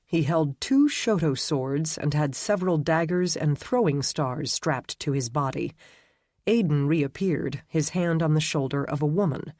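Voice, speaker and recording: Audiobook narrator, man, steady telling, very dry close sound. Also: a little high, no echo. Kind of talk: scripted narration.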